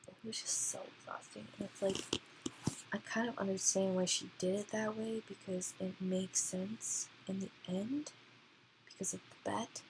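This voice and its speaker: A woman's voice: medium pitch, vocal fry, a little hiss or hum, low-quality recording. A woman ranting casually in a book review, rambling with many fillers and often dropping to a near-whisper. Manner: rambling, filler-heavy, often drops to a hush.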